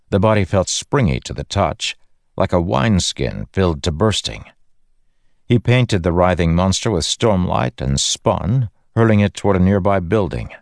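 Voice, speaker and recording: A man narrating a fantasy audiobook in a steady, measured storytelling style. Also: low-pitched, dry recording, clean studio sound.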